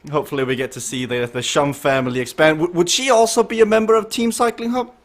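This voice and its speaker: Chatty joking stream host, slightly high voice. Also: male voice, steady tone, quick pace, a bit bright. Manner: joking, laughs often, asks questions. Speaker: host of a virtual cycling group ride stream. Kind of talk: casual live-stream commentary.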